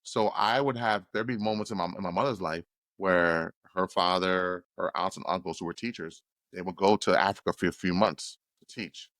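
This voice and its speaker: A man hosting a podcast, asking searching questions in a relaxed conversational way with many restarts. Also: deep voice, normal speed, no echo. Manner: warm, probing questions with frequent restarts. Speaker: podcast host. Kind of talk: casual interview chat.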